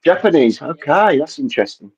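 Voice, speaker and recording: Playful man with a lively voice. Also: fairly high pitch, fairly quick, muffled recording. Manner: playful, teasing. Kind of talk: casual banter.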